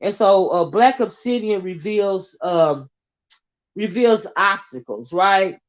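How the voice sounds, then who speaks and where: A woman's voice: medium pitch, lively intonation, takes it slowly. A woman with a Southern American accent talks through a casual livestream and reads out comments as she goes. She rambles, circles back and fills gaps with ums and you-knows. Her voice sits in a middle range, and the sound is dull and lo-fi. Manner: rambling, many fillers and restarts, Southern Black American vernacular turns. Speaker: livestream host reading comments.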